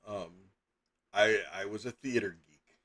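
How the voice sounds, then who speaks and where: A man's voice: lowish voice, steady tone, slow, fairly bright tone. A middle-aged man chatting casually as a game master on a live stream, rambling with lots of fillers and sudden emphatic bursts.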